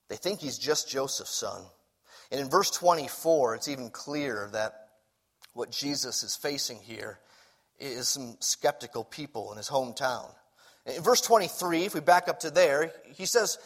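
At a measured pace and in a mid-range voice, a man delivers an animated sermon. He moves from loud, emphatic moments to quiet asides, occasionally restarting and repeating words.

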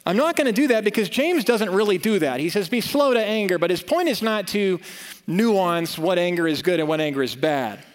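Pastor, male, slightly high voice, earnest conversational sermon delivery, reverberant sanctuary sound. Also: animated, brisk. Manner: earnest, conversational preaching with rising emphasis. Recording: long reverb of a church hall.

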